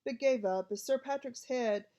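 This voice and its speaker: Expressive woman reading a storybook. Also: a little high, normal speed. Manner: expressive, lively voices for each character. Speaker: audiobook narrator.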